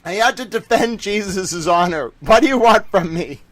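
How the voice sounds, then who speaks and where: A man hosting a livestream, talking in a rapid, excitable rant that sometimes turns to yelling. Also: sits high, no room sound. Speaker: livestream host.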